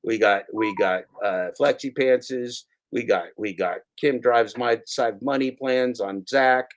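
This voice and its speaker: A man hosting a casual talk show, rambling and excitable, swearing often. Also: mid-range voice, slow. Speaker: show host. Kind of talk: casual chat.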